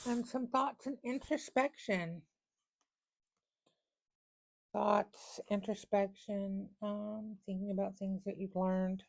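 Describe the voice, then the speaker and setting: A woman's voice: mid-range voice, fairly even intonation, measured pace, vocal fry, a little mellow. A woman giving a casual tarot reading to her viewers, chatty and folksy, thinking aloud as she lays out cards. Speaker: tarot reader.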